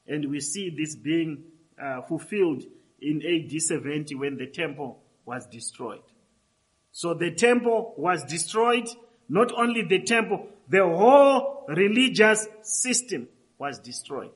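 A man preaching, his voice sitting a little high for a man. He drives his points home by repeating key phrases, rising and falling between loud stresses and quieter asides. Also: expressive, measured pace, poor audio. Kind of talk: sermon.

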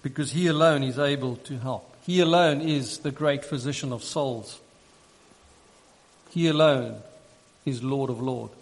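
A male preacher delivers a sermon in an earnest, measured way, stacking repeated phrases to drive each point home. His voice sits at an ordinary middle pitch. A long reverb trails his words through the large hall. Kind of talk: sermon with scripture reading.

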